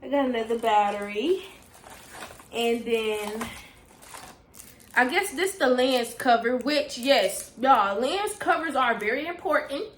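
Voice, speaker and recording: A woman's voice: on the high side, slow pace, echoey room, slight background noise. A young woman gushing her way through a casual unboxing vlog, talking straight to her viewers. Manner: gushing, excitable, talks straight to viewers with "y'all". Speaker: vlogger.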